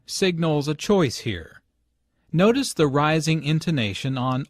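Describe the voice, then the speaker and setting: Man, teacher narration, slow and deliberate, slightly higher voice. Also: very animated, dry recording, clean studio sound. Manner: slow, deliberate explanatory delivery. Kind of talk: scripted instructional narration.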